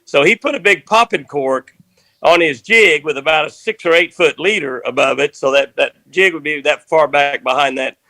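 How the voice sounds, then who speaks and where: An older man, telling a rambling fishing story in a folksy, animated way. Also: a little high, normal speed, no room sound. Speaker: fishing guest.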